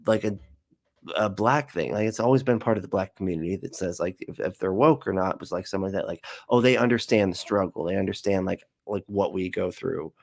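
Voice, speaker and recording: A man's voice: lowish voice, vocal fry. A man hosting a casual reaction commentary, sarcastic and profane, often laughing. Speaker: commentary host.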